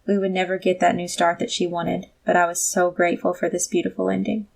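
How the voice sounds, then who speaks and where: A woman narrates a first-person story in the even manner of an audiobook reader. Her voice sits low, with a gravelly, fry-touched texture. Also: fairly quick.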